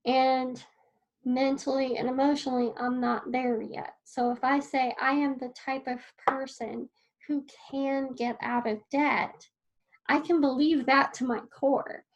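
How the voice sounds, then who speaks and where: A woman's voice: high voice, little pitch movement, a little slow, dull audio. A woman teaching a class in an earnest, personal way, repeating key phrases as she writes notes on a board. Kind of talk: casual spoken lesson.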